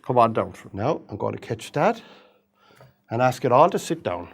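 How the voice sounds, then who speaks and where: A man demonstrating a painting, chatting gently and coaxing the paint along as he works. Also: mid-range voice, sing-song, normal speed, vocal fry, breathy edge. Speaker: painting instructor.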